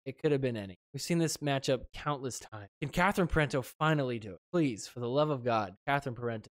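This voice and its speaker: A man hosting a podcast, giving chatty, wisecracking commentary over match footage and getting excited on big plays. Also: mid-range voice, fast, no room sound, studio quality. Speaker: podcast host.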